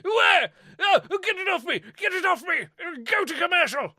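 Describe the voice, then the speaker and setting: A woman's voice: mid-range voice, wildly swooping pitch, a little slow. A woman voicing a pompous, greedy male tomcat news co-host, grand and dramatic in manner. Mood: panicked. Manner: grandiose, dramatic, easily panicked.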